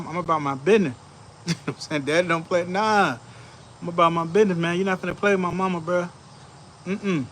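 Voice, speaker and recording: A man hosting a casual show, telling stories in an animated, laughing, slangy way, outdoors on a back porch. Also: high voice. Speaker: show host. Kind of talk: casual storytelling chat.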